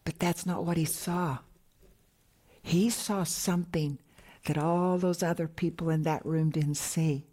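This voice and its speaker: A middle-aged woman minister preaching a sermon, slow and emphatic, sometimes dropping to a whisper for key points. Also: sits low, steady tone, warm tone.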